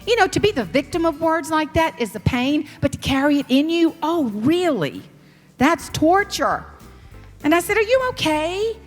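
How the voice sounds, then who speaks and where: A middle-aged woman with a Southern US drawl spins a sassy stage story. Her fairly high voice leaps up and down as she acts out every quote. The sound carries the long reverb of a big hall. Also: very animated, moderate pace, soft background music. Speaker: professional speaker. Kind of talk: storytelling keynote speech. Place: large hall before an audience.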